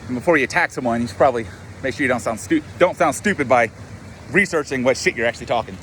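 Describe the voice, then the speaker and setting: A man's voice: mid-range voice, fast talker, a bit bright, slight background noise. A man and life coach talking in a rambling, profane, self-mocking way in a casual monologue.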